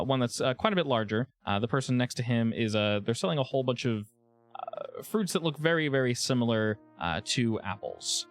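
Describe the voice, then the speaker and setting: A man's voice: medium pitch, no echo. A man acting as game master, narrating the scene with many fillers. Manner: lively, filler-heavy narration.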